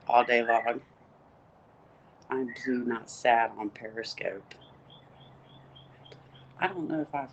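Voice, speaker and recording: A middle-aged woman livestreaming casual, rambling chat, cussing freely and talking straight to her viewers. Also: very deep voice. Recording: noisy phone livestream.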